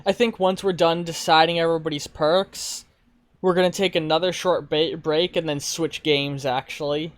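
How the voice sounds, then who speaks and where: A man's voice: a little high, steady tone, normal speed, no echo. A man streaming a game live, chatting casually and informally, swearing now and then.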